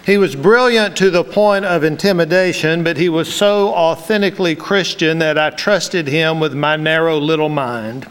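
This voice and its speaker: A man preaching a sermon, telling a personal story and then reading scripture in a slow, measured way. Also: a little high, a bit bright, clean tone.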